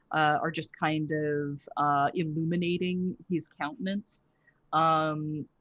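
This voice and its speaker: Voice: medium pitch, fairly bright tone, no echo. Gm narrating, lots of uhs, dry close mic. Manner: halting narration with many fillers. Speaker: game master. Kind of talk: narrating a tabletop game.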